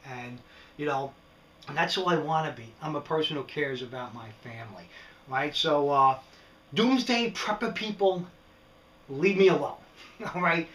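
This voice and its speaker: A middle-aged New York man rants casually in a vlog about prepping, rambling along with an unhurried pace, long pauses and a slightly high voice. He's animated and keeps tossing in "right?" asides. The mic sits far from him in an echoey room.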